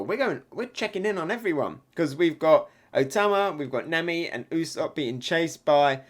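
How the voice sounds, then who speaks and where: An excitable man reviewing a comic chapter live, reading panels aloud as he goes. He laughs often and speeds up at the big hits. His talk is casual and full of fillers. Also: a little high. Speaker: manga reaction reviewer. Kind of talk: live reaction and commentary.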